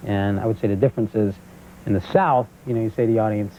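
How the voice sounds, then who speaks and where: A man in his thirties with a New York accent, a comedian guest on a talk show telling stories and jumping into loud character voices. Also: fairly low pitch, fairly even intonation, quick pace. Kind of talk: talk show stand-up storytelling. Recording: tinny phone-like old VHS audio with faint hiss.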